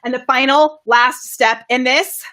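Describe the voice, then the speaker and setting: Bubbly, excitable woman coach. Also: measured pace. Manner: high-energy, giggly and excitable. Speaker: camera confidence coach. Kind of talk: live-streamed coaching talk. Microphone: microphone kept far from her.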